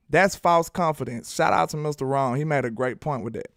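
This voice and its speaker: A man with a Southern accent talks sports in a loose, playful way, reading out his chat and joking at rival fans. His voice sits a little high and smooth. The sound is dry and close. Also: moderate pace, hardly any pauses, no room sound, faint music behind. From Alabama. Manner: animated, playful, talks trash. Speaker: sports commentator. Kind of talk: casual sports talk with live chat.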